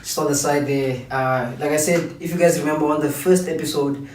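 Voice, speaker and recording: A man's voice: fairly high pitch, steady tone, fairly quick, darkish tone. A man co-hosting a casual chat, rambling a little and unsure of details. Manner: hesitant, rambling. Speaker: co-host. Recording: roomy distant mic with faint noise.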